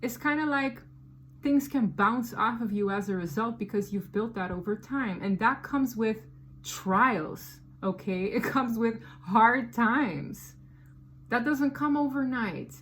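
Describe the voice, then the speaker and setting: Woman doing a tarot reading, slangy and emphatic, voice a bit high, little hiss behind her. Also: takes it slowly. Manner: animated, slangy, emphatic storytelling. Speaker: tarot reader. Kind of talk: casual tarot reading to camera.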